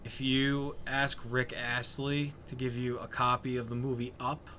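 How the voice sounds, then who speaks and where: Male co-host, mid pitch, bright tone, jokey and relaxed, faint noise behind. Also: unhurried. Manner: jokey, brings up news items. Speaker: podcast co-host. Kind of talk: casual sports chat.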